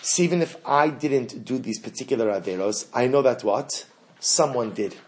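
A man delivers a Torah lecture in a lively, teaching voice at a middle pitch. He builds to impassioned pleading and scatters Hebrew and Yiddish terms through his English. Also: moderate pace. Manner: animated, rising to impassioned pleading. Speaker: rabbi teaching a class.

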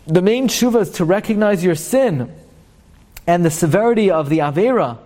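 A man teaching an online Torah class, explaining texts in an animated, jokey way. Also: high-pitched, moderate pace.

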